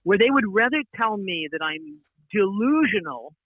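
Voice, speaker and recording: A woman's voice: medium pitch, moderate pace, no room sound. A woman comedian chatting as a podcast guest, telling stories with many restarts. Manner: rambling, animated storytelling with frequent restarts and laughs. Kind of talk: casual podcast chat. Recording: tinny phone-like line, dry.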